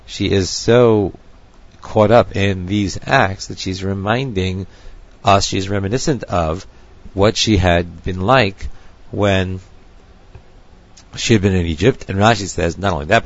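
Low gravelly man giving a lecture. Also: dull audio. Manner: measured, thinking aloud with restarts. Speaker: Torah teacher.

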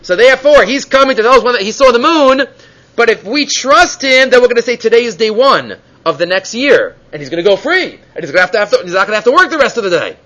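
A man's voice: very high voice, big pitch swings, fast, bright, forceful tone, muffled recording. A man teaching a Torah lecture, mixing in Hebrew terms and rising and falling for emphasis.

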